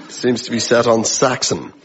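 A man's voice: mid-range voice, very noisy. A man with an Irish accent doing wry storytelling stand-up in front of a studio audience. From Ireland. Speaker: stand-up comedian. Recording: muffled audio, studio audience.

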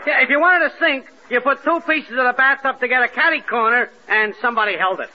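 A man playing a simple-minded, hapless husband in a 1940s radio comedy, giving deadpan, folksy, ungrammatical answers. It is a muffled old radio broadcast with hiss. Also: very high-pitched, fast.

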